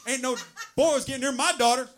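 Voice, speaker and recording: A man's voice: extremely high pitch, steady tone, fairly quick, voice pushed up. A man voicing an overprotective Southern father with a drawling, emphatic manner, on a noisy live recording. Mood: bossy. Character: overprotective Southern dad, gruff and bossy.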